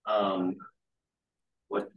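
A man with a very deep voice and a flat delivery joins a group discussion. He rambles hesitantly as he thinks aloud. He is picked up from far off in an echoey room. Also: very slow, vocal fry, highs cut off. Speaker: Bible study participant.

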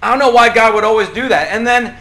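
Bright animated male youth pastor. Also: extremely high pitch, fast. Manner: conversational, animated, asks questions. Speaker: youth pastor leading group discussion. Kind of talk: interactive church teaching.

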